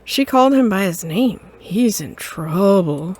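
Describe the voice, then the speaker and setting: Playful woman streamer reading a story game, slow easy pace, giggly. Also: medium pitch, animated. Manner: playful, giggly, quietly amused. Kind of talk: casual narration of a story game.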